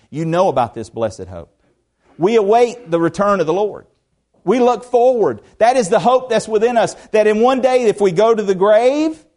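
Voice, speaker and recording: This is a pastor with a high-pitched voice giving an earnest expository sermon. He punctuates it with emphatic rises and soft drops, and slips in conversational asides and rhetorical questions for the congregation.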